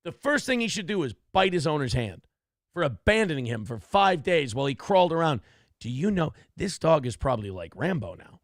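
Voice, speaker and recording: A man's voice: fairly high pitch, very animated, brisk, no echo, clean studio sound. A man hosting a morning show, riffing on a news clip in a crude, profane, mocking rant. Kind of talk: comedic commentary on a news clip.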